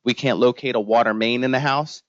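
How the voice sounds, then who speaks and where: Lively man telling inspection stories. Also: mid-range voice, a little fast, dry recording. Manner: animated storytelling, acts out his own panicked reactions. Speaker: guest home inspector. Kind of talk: informal training talk with anecdotes. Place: office training room. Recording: dull lo-fi room recording.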